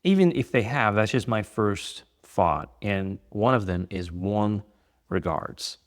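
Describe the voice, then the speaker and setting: A man's voice: on the low side, animated, a little slow. A man and business owner giving casual advice to the camera, conversational and rambling, with many fillers. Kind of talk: casual talking-head advice.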